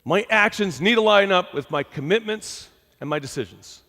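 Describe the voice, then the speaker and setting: Middle-aged male speaker, slightly high voice, animated storyteller, live talk in a reverberant hall. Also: normal speed. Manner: conversational, animated, asks the crowd questions. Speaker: motivational speaker.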